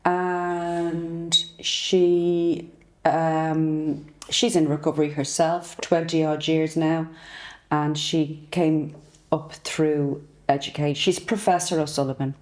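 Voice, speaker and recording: A woman's voice: low voice, little pitch movement, slow pace. A woman co-hosting a podcast, chatting casually, telling stories and laughing often. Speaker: podcast co-host. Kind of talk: casual chat.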